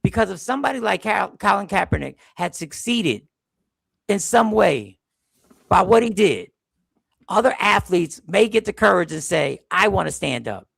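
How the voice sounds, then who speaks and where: A man with a high, very gravelly voice hosts a live talk stream. He talks in a heated, emphatic way and often repeats himself. The sound is dry and close. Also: animated, moderate pace, a bit bright, no room sound. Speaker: show host. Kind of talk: casual live-stream commentary.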